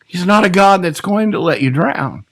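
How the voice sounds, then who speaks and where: A man leading an evening Bible study as a pastor, preaching with passion, dropping to a hush and then climbing to emphatic peaks. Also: high-pitched, expressive, moderate pace, gravelly. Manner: impassioned, swings between hushed and rising emphatic preaching. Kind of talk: sermon.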